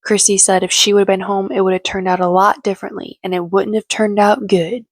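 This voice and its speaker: A woman's voice: mid-range voice, level tone, fairly quick, no echo. Give me a woman with a dry, close sound doing a snarky reality-show recap. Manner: sarcastic, opinionated. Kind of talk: casual commentary.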